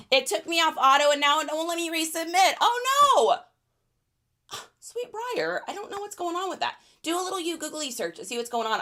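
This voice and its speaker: A woman hosting a casual livestream while packing orders, chatty and high-energy. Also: bright, forceful tone. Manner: high-energy, chatty, reads out viewer names. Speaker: reseller livestream host.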